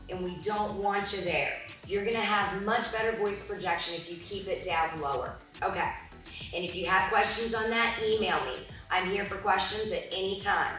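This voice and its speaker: A young woman teaching an online musical theater lesson, instructing step by step with careful, drawn-out enunciation. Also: medium pitch, a bit bright. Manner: instructive, slow deliberate enunciation. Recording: echoey room from a distant mic, music behind.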